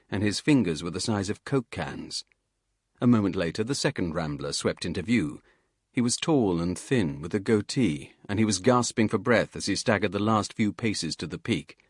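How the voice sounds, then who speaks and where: Low-voiced male thriller narrator. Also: no room sound, studio quality. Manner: measured, steady thriller reading. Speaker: audiobook narrator. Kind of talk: scripted narration.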